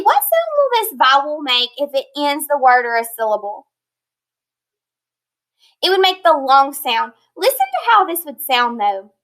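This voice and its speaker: A woman teaching an online phonics lesson, sounding out words slowly and checking in with her students. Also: high-pitched, fairly bright tone. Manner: slow, deliberate modeling of word sounds; encouraging, checks with "right?" and "okay?".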